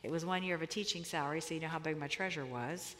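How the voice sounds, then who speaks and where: A woman's voice: low voice, fast, a bit bright. A middle-aged woman giving a sermon, telling a personal story in a conversational, emphatic way. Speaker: preacher. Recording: long hall reverb.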